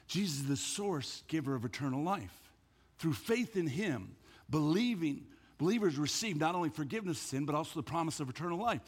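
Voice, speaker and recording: A man's voice: a little high, big pitch swings, fairly quick, slightly rough. A man preaching a sermon as pastor, emphatic, often repeating words as he builds a point. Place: church hall. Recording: echoey hall.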